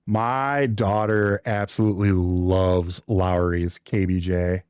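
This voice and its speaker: A man's voice: low-pitched, level tone, takes it slowly, few pauses, a little mellow, clean tone, no room sound. Chatty man streaming live, dry sound. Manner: chatty, teasing, thinks aloud while building. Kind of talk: casual live-stream chat.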